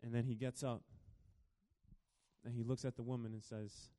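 A man preaching a sermon as a pastor, telling the story dramatically and swinging between hushed and loud. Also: mid-range voice, flat delivery, normal speed, pauses often.

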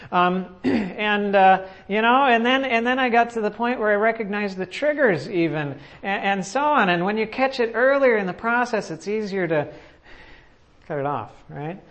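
A preacher giving a sermon as a conversational personal story, with frequent restarts and questions to the audience. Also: mid-range voice.

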